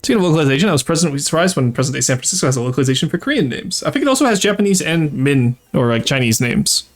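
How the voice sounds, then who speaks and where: A man's voice: fairly high pitch, lively intonation, racing, soft background music. Man thinking aloud over a game. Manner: thinking aloud, explaining tactics with frequent fillers. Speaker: streamer playing a strategy game. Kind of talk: casual live-stream commentary.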